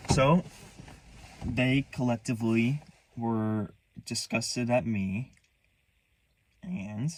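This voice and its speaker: A young man telling a painful personal story in a candid, halting way, restarting sentences, earnest and hurt. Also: medium pitch, fairly even intonation, a little hiss or hum. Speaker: vlogger.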